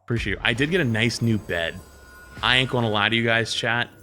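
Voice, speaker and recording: A man streaming live, chatting casually with his viewers and telling stories in an animated way, jumping into other people's voices. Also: mid-range voice, fairly quick, soft background music.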